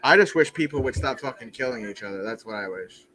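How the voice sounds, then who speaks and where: A man's voice: medium pitch, animated, quick pace, sharp tone, a little hiss or hum, rough recording. A young man hosting a casual live stream, rambling and joking with heavy swearing.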